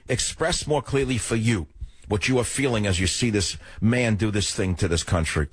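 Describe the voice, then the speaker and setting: A man's voice: animated, moderate pace, breathy edge, no room sound. An older man hosting a talk radio show, emotional and emphatic, in a studio. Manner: emphatic, emotional, swings between loud and low. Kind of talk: political talk radio monologue. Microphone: studio microphone.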